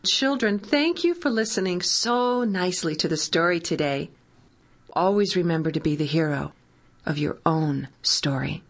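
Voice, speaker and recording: A woman hosting a children's show, reading a story aloud with lively expression. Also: lowish voice, moderate pace, slight background noise.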